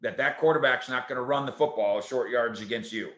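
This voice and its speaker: Speaking fairly quickly at a medium pitch, this sports talk show host takes on viewer comments with animated sarcasm, switching between loud points and quiet asides. The recording carries a roomy echo.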